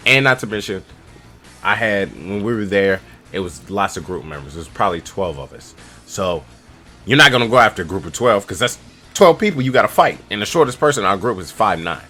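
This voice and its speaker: A man's voice: on the low side, bright, forceful tone. A man in his twenties giving loose, slangy, rambling travel advice straight to camera as a casual vlogger. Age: 20s.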